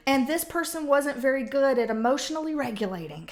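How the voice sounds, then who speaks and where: A woman's voice: high voice, lively intonation, fairly quick, hardly any pauses. A woman giving a casual tarot reading at home, talking bluntly with slang and plenty of swearing. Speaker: tarot reader. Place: home with a cat.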